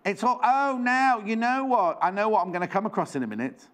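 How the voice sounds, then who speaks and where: A man's voice: high voice, fairly quick, fairly bright tone. A man presenting a live shopping show in a studio, chatty and rambling with jokey asides.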